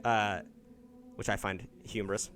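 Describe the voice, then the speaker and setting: A man's voice: on the low side, level tone, a little slow, a bit bright, slight background noise. A man hosting a call-in dating stream, chatting casually, thanking viewers and swearing offhand. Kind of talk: casual live-stream chat.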